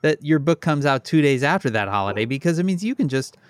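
A man hosting a podcast in casual chat, joking and animated. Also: a little high, fast talker, no echo. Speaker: podcast host.

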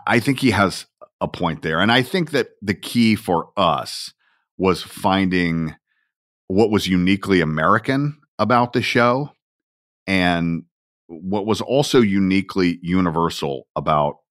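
A man's voice: low voice, a little slow, fairly bright tone, no echo, clean studio sound. A middle-aged man hosting a podcast, chatty and self-deprecating as he tells stories. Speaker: podcast host. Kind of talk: conversational podcast talk.

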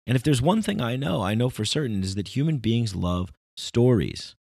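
A man's voice: medium pitch, lively intonation, normal speed, gravelly, a little mellow, dry recording, clean studio sound. A man talking in a casual, rambling, philosophical monologue with emphatic bursts.

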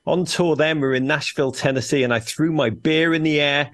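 A man's voice: on the high side, steady tone, a little fast. A man with a Liverpool English accent, a radio show guest talking soccer in a wordy, jokey, exuberant way. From Liverpool, England. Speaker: guest, soccer podcast co-host. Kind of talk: animated radio interview chat.

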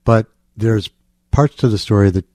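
Low, mellow man, calm and matter-of-fact. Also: moderate pace, no room sound. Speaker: host's husband, studio guest. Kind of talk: casual chat.

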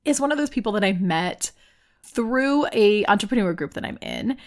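A woman hosting a podcast, talking in a chatty, expressive monologue and calling herself loud. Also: mid-range voice. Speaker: podcast host.

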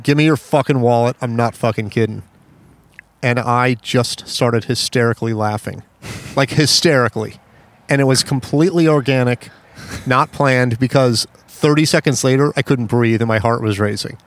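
A man hosting a casual podcast, telling stories in an animated way and acting out the people in them. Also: medium pitch, no echo. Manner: animated storyteller, acts out quoted people. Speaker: podcast host. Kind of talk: casual storytelling chat.

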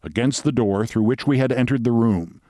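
A man's voice: mid-range voice, lively intonation, normal speed, dark tone, no room sound. Man reading a story, dry and close. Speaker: narrator. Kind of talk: reading a comic mystery story aloud.

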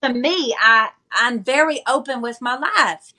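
Woman guest in her forties, bright clear tone, slow halting delivery. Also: fairly high pitch. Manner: halting, measured retelling with many pauses and fillers. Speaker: podcast guest. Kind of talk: conversational interview.

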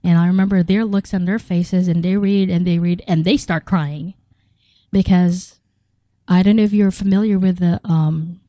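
Middle-aged woman from the Philippines, an interview guest. Animated storyteller who acts out the dialogue. Mellow timbre, dry close sound. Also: lowish voice, normal speed, dry recording, poor audio. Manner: animated, acts out quoted dialogue, laughs often. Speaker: guest telling her story. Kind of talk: personal storytelling.

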